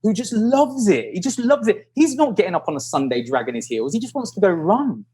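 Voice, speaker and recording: A British man in his thirties, a guest calling in by video, telling stories in a lively way, laughing and acting out what others said. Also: high-pitched, a little fast, husky. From United Kingdom. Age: 30s. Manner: animated, laughing storyteller who acts out quotes. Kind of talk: casual interview storytelling. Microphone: video call.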